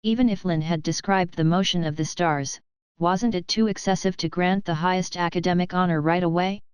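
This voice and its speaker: Clear, steady woman reading a novel. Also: lowish voice, no echo, poor audio. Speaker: audiobook narrator. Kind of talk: scripted narration.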